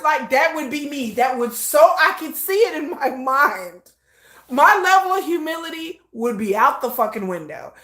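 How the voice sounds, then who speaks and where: A woman's voice: high voice, big pitch swings, moderate pace, bright, forceful tone. A woman streamer in a comedic live monologue, playfully acting out imagined scenes. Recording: echoey room.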